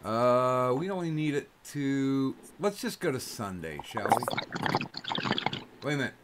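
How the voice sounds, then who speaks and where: A man's voice: medium pitch, sing-song, measured pace. A man hosting a podcast in casual chat, rambling and joking with many fillers. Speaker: podcast host. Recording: noisy recording.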